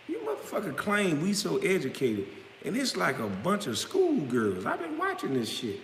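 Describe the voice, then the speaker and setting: A man delivering a blunt, profane, confrontational rant straight to camera, now and then breaking into loud outbursts. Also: a little high, huge pitch swings, a little slow. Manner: smoking hookah while talking. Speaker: vlogger responding to critics. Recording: roomy echo with long reverb, faint background noise.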